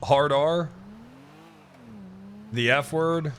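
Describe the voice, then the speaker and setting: A man's voice: a little high, drawn-out words, a bit bright, a little hiss or hum. A man chatting casually with his livestream viewers. He swears freely, laughs often and works himself up into mock outrage.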